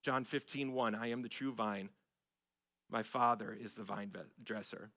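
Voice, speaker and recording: A middle-aged man, a pastor, preaching a sermon with emphatic swells of loudness on key phrases. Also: fairly low pitch, little pitch movement, normal speed. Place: church sanctuary.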